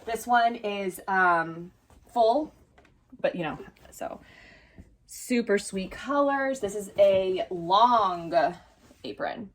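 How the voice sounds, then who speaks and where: A woman's voice: mid-range voice, very slow, pauses often. Rambling, chatty woman filming on a phone. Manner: rambling, lots of fillers and self-corrections, laughs easily. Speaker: vintage shop host showing items. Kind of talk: casual chatty storytelling vlog. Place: vintage clothing storeroom, indoors. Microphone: phone held by a helper.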